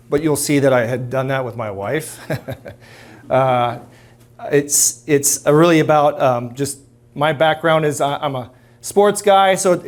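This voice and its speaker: Chatty middle-aged man, slightly high voice. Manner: conversational, self-deprecating, many restarts and fillers; asks the audience questions. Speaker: speaker at a men's ministry talk. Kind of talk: casual talk to a live audience.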